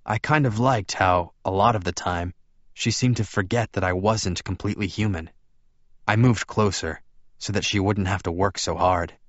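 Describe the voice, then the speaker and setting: A man reading a novel aloud in first person, calm and restrained. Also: deep voice, dry recording. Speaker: audiobook narrator. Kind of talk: first-person fiction narration. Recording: slightly dull dry studio recording.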